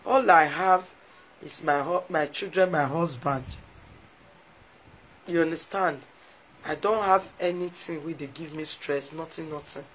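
A woman with a Nigerian Pidgin English accent chats casually with viewers on a live stream, emotional and heartfelt, thanking them often and effusively. Her voice is low, slightly rough and a little slow, with long pauses. The recording is of low quality.

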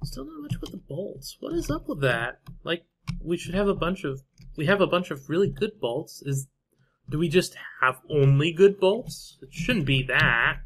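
A man's voice: fairly high pitch, big pitch swings, moderate pace, a bit bright, breathy edge. A man casually commentating his own strategy game play, thinking aloud and trailing off with fillers and half-finished thoughts. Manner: musing to himself, trailing off with fillers. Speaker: gameplay commentator.

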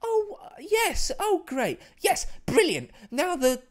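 A man doing an impression of a prim, nerdy young man who exclaims in a high, fluty voice. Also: big pitch swings, slow, heavily acted. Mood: mock delight.

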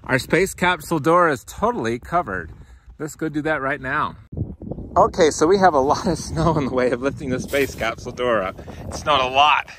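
A man's voice: medium pitch, normal speed, a bit bright, a little hiss or hum. A man in his forties, a farmer, talking to viewers in a casual, upbeat way while filming himself, out of breath from shoveling snow, outdoors and in a greenhouse. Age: 40s. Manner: upbeat, addresses viewers as guys. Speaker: farmer and channel host. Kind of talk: casual walk-and-talk farm vlog. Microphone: handheld camera, filming himself.

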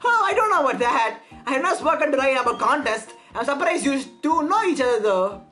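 Woman reading a courteous contest judge, bright high voice. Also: very animated, fairly quick, faint music behind. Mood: polite. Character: polite female contest judge.

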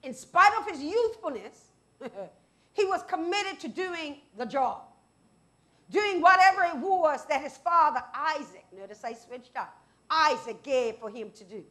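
A woman preaching a sermon, animated, with sudden loud scripture quotes and asides to the congregation. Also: sits high, measured pace.

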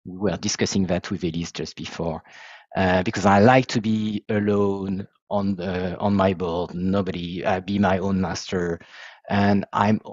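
A man from France with a French accent, presenting his background on a video call in a self-deprecating, halting way. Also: low-pitched, steady tone, a little mellow, no room sound, highs cut off. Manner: self-deprecating, hesitant restarts. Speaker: software founder and facilitator.

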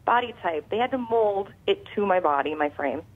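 A woman guest calling in to an interview, candid and quick to laugh. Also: mid-range voice, animated, slightly rough, phone-quality sound. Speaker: guest actress. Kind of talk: casual interview chat. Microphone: phone call-in.

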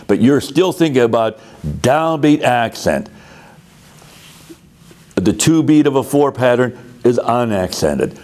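A man's voice: mid-range voice, darkish tone. Man explaining conducting patiently. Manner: patient, explanatory, repeats words. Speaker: music teacher. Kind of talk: conducting lesson.

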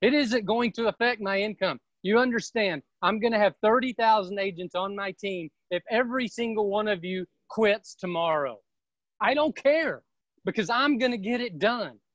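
A woman's voice: mid-range voice, normal speed, dry recording. A woman giving a blunt, emphatic motivational pep talk as a guest on a video call. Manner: blunt, emphatic, preachy, with some swearing. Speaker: real estate team leader speaking as a guest. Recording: dull, dry video-call audio.

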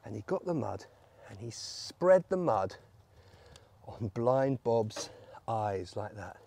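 A man leading family worship as a vicar, telling a Bible story in an animated, playful way with props. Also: fairly low pitch, slow, vocal fry, slight background noise. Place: church.

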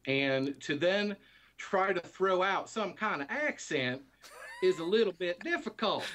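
Man explaining in a relaxed way. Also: high-pitched, a little slow. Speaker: guest. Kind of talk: casual interview.

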